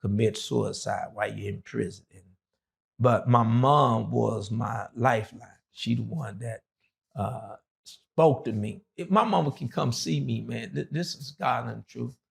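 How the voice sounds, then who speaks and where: A man's voice: medium pitch, measured pace. A middle-aged man, an interview guest and former prisoner, telling his story in a loose, rambling way full of fillers. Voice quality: gravelly.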